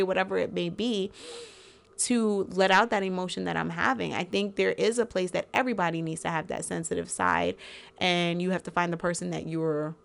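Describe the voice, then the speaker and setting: Woman co-host, casual chat, candid and emotionally open, gravelly edge. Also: mid-range voice, fairly bright tone. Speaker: podcast co-host.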